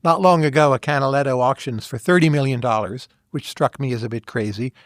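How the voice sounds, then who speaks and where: A man's voice: mid-range voice, fairly quick, no room sound, clean studio sound. A man hosting an interview, asking direct, curious questions. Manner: inquisitive, direct. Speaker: host.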